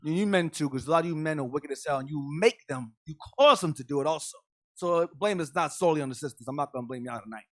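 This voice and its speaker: A man's voice: on the high side, fast, a bit bright. A man teaching a Bible class as a deacon, preaching emphatically and calling out instructions to a reader.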